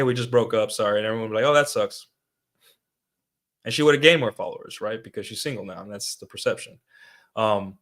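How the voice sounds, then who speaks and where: A man's voice: medium pitch, a bit bright. A young man giving casual livestream commentary, talking to his viewers with lots of fillers and tag questions. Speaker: streamer.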